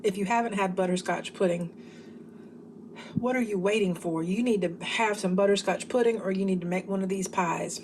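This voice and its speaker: A woman talks straight to her viewers in a casual home cooking vlog, gushing about the dish as she eats it. Her voice sits at an ordinary middle pitch, and her speech is loose and friendly, full of "y'all". A faint noise runs underneath. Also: normal speed, darkish tone. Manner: chatty, enthusiastic, says y'all. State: talking while eating.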